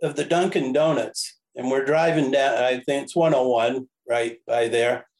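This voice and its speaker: Guest storyteller: a man, mid-pitch, animated and rambling, self-correcting with chuckles. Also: normal speed, rough recording. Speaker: podcast guest, railroad history enthusiast. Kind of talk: casual anecdotal storytelling.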